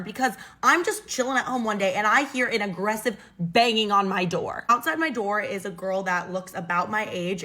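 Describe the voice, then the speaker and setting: Chatty woman telling a storytime. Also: on the high side. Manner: chatty, animated, many "like" fillers. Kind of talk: casual storytime.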